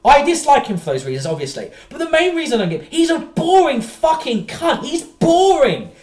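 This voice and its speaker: A woman's voice: high voice, sing-song, a little fast, darkish tone, reverberant. A woman streamer ranting profanely in exasperated reaction commentary.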